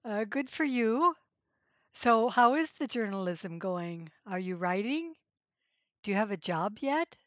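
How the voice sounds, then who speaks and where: A woman playing a stern, perceptive older female professor who speaks in a measured, questioning way. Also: medium pitch, animated, no echo. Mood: probing. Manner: measured, questioning, gently reproachful. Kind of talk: podcast role-play. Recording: slightly dull, dry recording.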